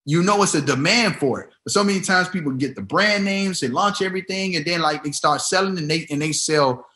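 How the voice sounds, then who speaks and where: A man's voice: fairly high pitch, brisk, bright, forceful tone. A man hosting a casual business talk, giving advice in an emphatic style and repeating himself for emphasis. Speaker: host.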